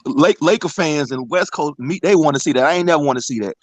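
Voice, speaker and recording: A man's voice: fairly high pitch, expressive, quick pace, dry recording. A man in a casual basketball debate, blunt and teasing with short punchy remarks. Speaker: sports podcast co-host.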